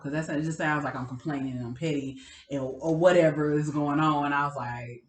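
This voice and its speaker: A woman in her thirties co-hosting a podcast, telling stories in a low-key way and laughing easily. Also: fairly even intonation, fairly quick. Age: 30s. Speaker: podcast co-host. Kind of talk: casual chat. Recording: echoey room.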